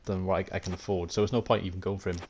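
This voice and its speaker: A man's voice: deep voice, little pitch movement, very fast, darkish tone, a little hiss or hum. A Welsh man thinking aloud and chatting with viewers while live-streaming a football management game, self-mocking and casual. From Wales. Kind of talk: live gameplay commentary.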